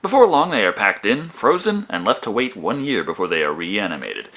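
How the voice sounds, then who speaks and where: Animated, bright-voiced sarcastic male film reviewer. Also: lowish voice, brisk. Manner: sarcastic, wisecracking. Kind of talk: comedic film review narration.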